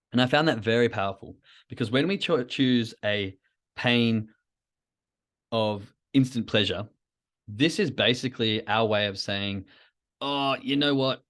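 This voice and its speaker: A man hosting his own podcast, talking through ideas in a rambling, reflective solo monologue with asides to himself. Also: medium pitch. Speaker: podcast host.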